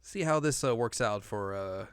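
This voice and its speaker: A man's voice: lowish voice, lively intonation, moderate pace, smooth, no echo, clean studio sound. A man co-hosting a podcast, casually recapping an episode in a rambling way, with lots of "uh" and "like". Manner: rambling recap with many fillers. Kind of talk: casual chat.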